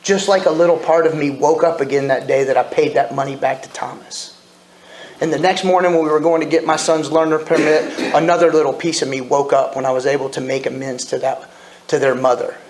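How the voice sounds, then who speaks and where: A man's voice: on the high side, fairly even intonation, brisk, slight background noise. A man in his forties, speaking at a recovery meeting and telling his story candidly, with self-deprecating humor. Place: meeting room. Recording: echoey room with faint ambience.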